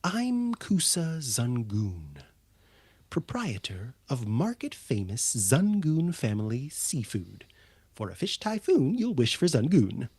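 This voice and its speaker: A man voicing a composed, imposing female kobold matriarch in a hushed, breathy whispered role-play, speaking in a measured, deliberate way. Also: medium pitch, wildly swooping pitch, no room sound, heavily acted. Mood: persuasive.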